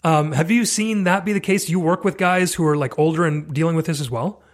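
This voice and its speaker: A man with a fairly high voice hosts a podcast interview. He speaks in a reflective, conversational way and steers the talk with open questions. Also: fairly quick. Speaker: podcast host.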